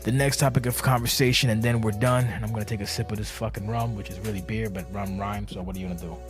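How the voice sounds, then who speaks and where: Brief: man with a lowish voice, rambling and profane, sounds tired and anxious, faint music underneath. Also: fairly even intonation, fast. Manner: rambling, profane, self-interrupting. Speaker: community leader of an online wrestling game league. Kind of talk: casual podcast monologue. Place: indoors, seated.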